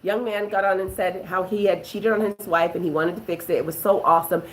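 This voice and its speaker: A woman's voice: on the low side, fairly even intonation, a little fast, heavy background noise. A woman as a prophetess, talking emphatically about relationships and telling stories with quoted voices. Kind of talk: preaching talk show.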